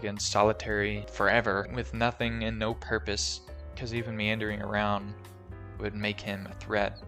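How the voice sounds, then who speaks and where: A man's voice: fairly low pitch, a bit bright. A young man recapping a movie plot in a casual, jokey, rambling way with lots of fillers. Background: faint background music.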